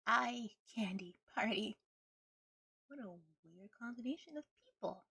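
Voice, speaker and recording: A woman's voice: on the high side, measured pace, sharp tone, husky, no room sound, studio quality. A woman streaming a video game, chatting casually and rambling with frequent laughter. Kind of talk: casual gameplay stream chat.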